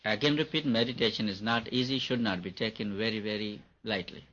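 A man's voice: lowish voice, quick pace, fairly bright tone. A man giving a spiritual talk on meditation, repeating his points for emphasis. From India. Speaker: meditation teacher. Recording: dull lo-fi recording.

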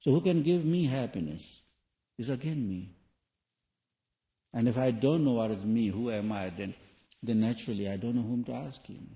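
Male spiritual teacher, dark and mellow, rhetorical questioning, lo-fi 1980s tape. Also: medium pitch, normal speed, pauses often. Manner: rhetorical questions, non-native phrasing. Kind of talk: spoken sermon to an audience. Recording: dull lo-fi 1980s tape recording.

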